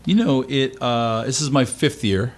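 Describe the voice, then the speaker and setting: A man chatting as a guest in a radio interview, relaxed and easygoing, rambling with fillers. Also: mid-range voice, a little slow. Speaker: guest performer. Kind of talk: casual interview chat.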